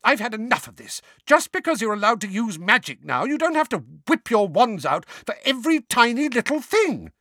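A man voicing an exasperated middle-aged mother who shrieks and scolds, pitched high and shrill. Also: very animated, normal speed, hardly any pauses, pushed and bright, no echo, studio quality, full character voice. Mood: scolding.

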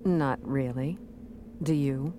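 A woman's voice: rumbling low, slow pace. A woman reading the part of a determined female smuggler in terse lines. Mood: uneasy. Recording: noisy recording.

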